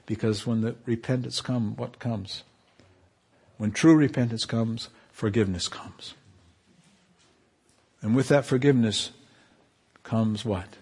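A man preaching a sermon as pastor, fervent and emotional, with his voice climbing high at moments of feeling. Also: measured pace, creaky, long pauses, darkish tone, breathy edge.

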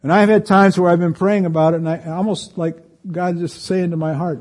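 A middle-aged man preaches to his congregation in an easy, conversational way, reading scripture aloud and pushing his voice up when he wants to stress a point. His voice sits a little high for a man, with a mellow, warm tone. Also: level tone, fairly quick, hardly any pauses. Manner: conversational preaching, reads scripture aloud, rises in pitch for emphasis. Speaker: pastor. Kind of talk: sermon.

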